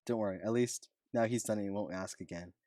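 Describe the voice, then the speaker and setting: A man's voice: on the low side, fast talker, warm tone, no echo, studio quality, close to an everyday voice. A man voicing a friendly father who calls to check in, easygoing and reassuring.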